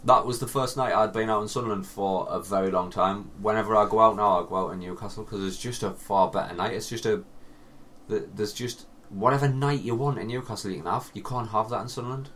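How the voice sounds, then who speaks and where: A man's voice: fairly low pitch, fast, a bit bright. A young man with a North East English accent, co-hosting a podcast with dry, teasing banter. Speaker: podcast co-host. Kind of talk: casual chat.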